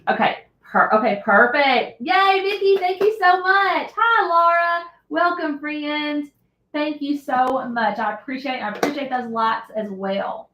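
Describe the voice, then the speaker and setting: Animated woman telling a story. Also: sits high, unhurried. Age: middle-aged. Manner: animated, dramatic retelling with loud acted shouts. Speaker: livestream host. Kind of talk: casual storytelling livestream. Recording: echoey room.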